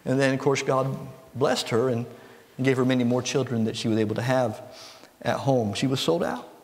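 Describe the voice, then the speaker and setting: A man's voice: medium pitch, fairly even intonation, normal speed, darkish tone. A man with an American Midwestern accent preaching a sermon, reading scripture and repeating key points for emphasis. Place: church sanctuary. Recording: long church reverb.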